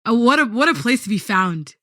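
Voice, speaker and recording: A woman's voice: fairly high pitch, very animated, a little fast, pushed and bright, dry recording, studio quality. A woman hosting a podcast, reading reflective narration and responding to her guest with affirming, emotional remarks. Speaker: podcast host. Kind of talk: interview plus scripted narration.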